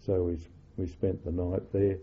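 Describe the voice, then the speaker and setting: An older man recalling wartime memories in an oral history interview, halting with many fillers and self-corrections. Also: sits low, level tone, gravelly, a little hiss or hum. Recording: muffled phone-like lo-fi audio.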